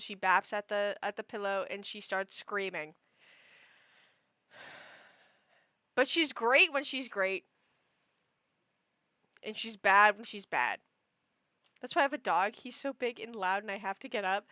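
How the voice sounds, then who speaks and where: A woman livestreamer chatting casually, telling stories in an animated, exasperated way with lots of fillers. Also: mid-range voice, unhurried, pauses often, clean tone, no room sound. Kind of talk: casual chat.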